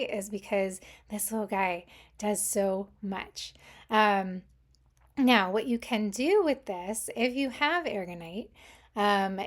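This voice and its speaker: A woman hosting an intuitive crystal reading, talking in an easygoing, casual way with frequent filler ums. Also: mid-range voice. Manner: unhurried, gentle, many filler ums.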